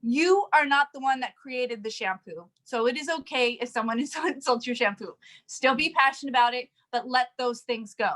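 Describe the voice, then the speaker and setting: A woman in casual chat, coaching on recruiting sales partners, animated and quick to laugh. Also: a little high. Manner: animated, laughs often, acts out quoted people. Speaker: network marketing coach.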